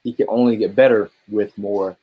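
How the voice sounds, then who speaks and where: A man's voice: on the low side, steady tone, moderate pace, warm tone, breathy edge, rough recording. A man hosting a casual live sports chat, laid-back and joking. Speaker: podcast host.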